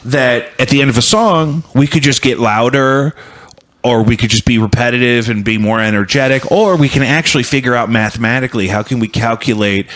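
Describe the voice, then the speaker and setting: A man's voice: medium pitch, brisk, a bit bright. A man hosting a podcast in a home studio, talking through ideas in long, thoughtful, rambling explanations. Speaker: podcast host. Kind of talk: casual chat.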